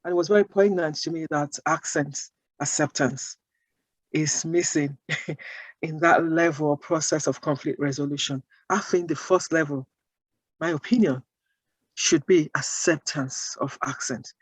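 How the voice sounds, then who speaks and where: A woman's voice: deep voice, measured pace, husky, dry recording, low-quality recording. Woman interview guest, earnest and emphatic, dry close sound. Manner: emphatic, builds points with rhetorical questions. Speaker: guest, accent-bias advocate. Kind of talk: interview answers.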